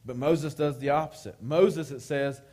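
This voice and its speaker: A man's voice: fairly high pitch, steady tone, normal speed, darkish tone. A man preaching a live-streamed sermon, talking conversationally and often checking in with "right?". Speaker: pastor.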